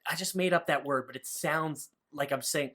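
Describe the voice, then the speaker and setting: Bright-voiced podcast host recapping a book. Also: medium pitch, moderate pace, slight background noise. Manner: loose and profane, full of "like" fillers. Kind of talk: casual book recap chat.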